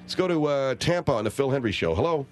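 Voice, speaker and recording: Wisecracking talk radio host, fast and lively. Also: male voice, mid-range voice, a little hiss or hum. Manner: exasperated, wisecracking.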